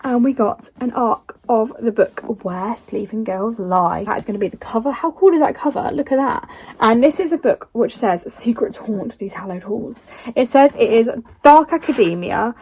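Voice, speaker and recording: A young woman gushing excitedly about books she bought and won in a casual vlog. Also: fairly high pitch, moderate pace, breathy edge. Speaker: book vlogger.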